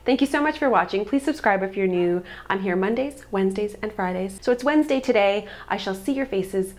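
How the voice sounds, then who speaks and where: A woman in her thirties talks casually to her camera as a vlogger, chatty and upbeat. She laughs easily between thoughts, and her voice sits at an ordinary middle pitch. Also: animated, brisk.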